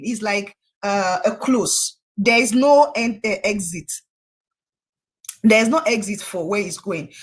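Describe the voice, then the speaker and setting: A young woman with a Nigerian accent, a guest recounting a personal story in an interview in an animated, emphatic way. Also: medium pitch. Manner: animated, emphatic, with frequent restarts.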